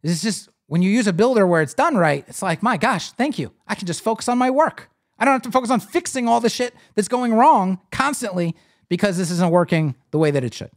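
A man with a high-pitched voice talks fairly quickly while hosting a live web design stream. He's casual and animated, explaining and chatting with viewers as he clicks through a site builder in a screen-share tutorial.

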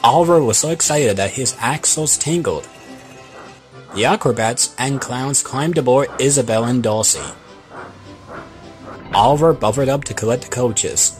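Man, storybook narrator, lively, voices the characters, medium pitch, background music. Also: a little slow, long pauses.

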